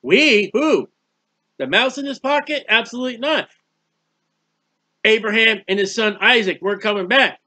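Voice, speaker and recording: A man's voice: sits high, lively intonation, normal speed, pauses often, sharp tone. A man giving a conversational Bible teaching, plain-spoken, repeating phrases and firing rhetorical questions. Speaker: preacher.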